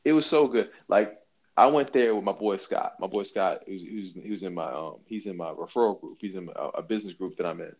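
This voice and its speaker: A man co-hosting a podcast, talking in an animated, emphatic, slangy way and swearing freely. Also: low-pitched, fast talker, muffled recording. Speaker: podcast co-host. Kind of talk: casual chat. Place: New York.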